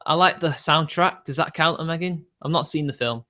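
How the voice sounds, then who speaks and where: A man rambles through viewer questions on a casual livestream. His voice sits a little higher than most men's, and he laughs often between his blunt, opinionated remarks. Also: moderate pace, pushed and bright. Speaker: streamer.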